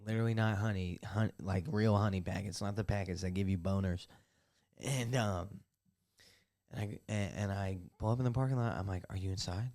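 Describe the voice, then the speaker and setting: Deep-voiced young man rambling profanely. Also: fairly even intonation, a little fast, a little mellow. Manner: rambling, profane, self-mocking. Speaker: podcast host. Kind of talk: casual solo podcast storytelling. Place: bathtub at home.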